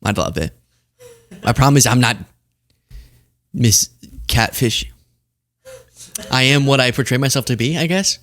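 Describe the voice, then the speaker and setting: A man's voice: mid-range voice, unhurried, pauses often, fairly bright tone. A young man hosting a political commentary show, talking in a sarcastic, conversational way. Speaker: host.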